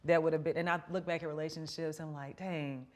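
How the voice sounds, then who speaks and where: A woman's voice: low-pitched, fairly even intonation, fairly quick. A woman in a casual faith conversation, chatty and confiding, telling personal stories with quoted asides.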